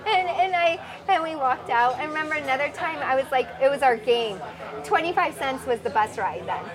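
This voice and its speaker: A woman with a high, bright-pitched voice tells stories on a podcast in a lively, rambling flow. She laughs often and slips into the voices of the people she quotes. The murmur of a crowd carries on behind her. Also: brisk. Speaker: podcast guest, foundation founder. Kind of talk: casual storytelling interview.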